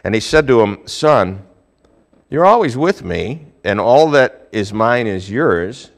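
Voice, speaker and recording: A male pastor preaching a sermon, telling a Bible story with lively swings between hushed and loud delivery. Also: lowish voice, slow pace.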